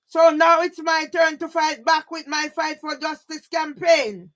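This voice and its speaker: Jamaican woman vlogger, confrontational rant, high sharp voice. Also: a little slow, hardly any pauses. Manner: confrontational, repeatedly calling out one man by name. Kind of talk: angry direct-address rant.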